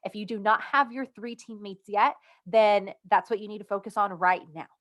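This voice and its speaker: A woman's voice: medium pitch, normal speed, fairly bright tone. A woman speaking as a direct-sales team leader, explaining rank requirements in a casual instructional video, upbeat and conversational, leaning on key words.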